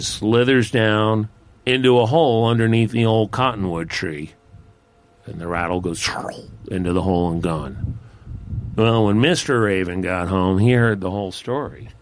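A man telling a folk tale in a relaxed, conversational, folksy way. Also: lowish voice, normal speed, slight background noise. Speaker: storyteller. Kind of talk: folksy spoken storytelling.

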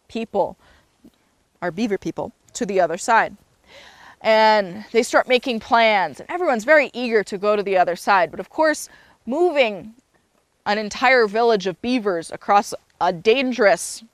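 A woman's voice: medium pitch, dry recording. Woman telling a tale aloud, dry sound. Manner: loose and unscripted, with fillers and self-corrections. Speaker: storyteller. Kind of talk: casual spoken storytelling.

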